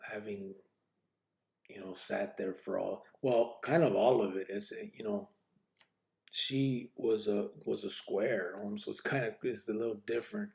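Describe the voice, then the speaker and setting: A man's voice: fairly low pitch, steady tone, a little slow, vocal fry, darkish tone. A man hosting a podcast, telling personal stories in a rambling, laid-back way, full of street slang, profanity and constant fillers. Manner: constant fillers like "you know what I mean". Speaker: podcast host. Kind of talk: casual personal storytelling.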